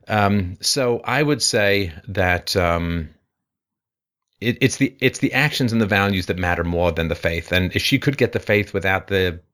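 A man hosting a call-in advice show, talking emphatically with rhetorical questions and lively swings in pitch.

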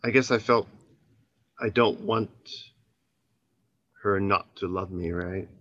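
A man calling in to an advice show, speaking hesitantly and softly with many fillers. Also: lowish voice, slow, dry recording. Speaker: caller. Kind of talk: call-in conversation. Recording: dull phone-line caller audio.

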